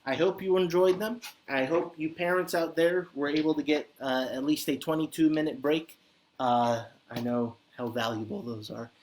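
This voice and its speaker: A woman reading a children's story aloud as an expressive, animated storyteller. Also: deep voice, normal speed, slight background noise.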